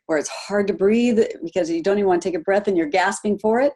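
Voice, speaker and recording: A woman coaching a group on a video call, animated, asking her listeners questions and acting out example voices. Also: mid-range voice, fast talker. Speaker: health coach.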